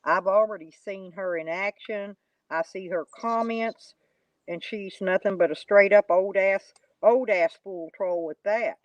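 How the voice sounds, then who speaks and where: A woman's voice: mid-range voice, a little slow, no echo, highs cut off. A woman, chatting casually to live viewers in a rambling, folksy, mocking way. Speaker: YouTube live streamer.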